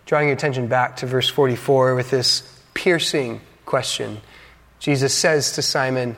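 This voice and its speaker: A man, a pastor, preaching a sermon with dramatic pauses, acting out the quotes and adding joking asides to the congregation. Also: mid-range voice, steady tone, a bit bright. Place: church hall. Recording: long reverb of a large hall.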